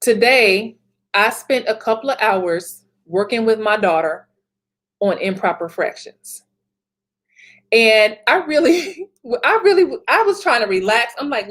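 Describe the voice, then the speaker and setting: A woman's voice: on the high side, expressive, a little slow, a bit bright. A woman in her thirties giving a motivational talk as a business coach, emphatic, repeating phrases and laughing often.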